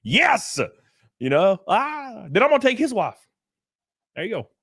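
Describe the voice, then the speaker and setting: A man's voice: high-pitched, sing-song, a little slow, bright, forceful tone, breathy edge, no echo, studio quality. A man from California hosting a casual livestream, reading chat and reacting, swearing often and laughing a lot. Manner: profane, laughing, acts out other people's voices. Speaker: livestream host.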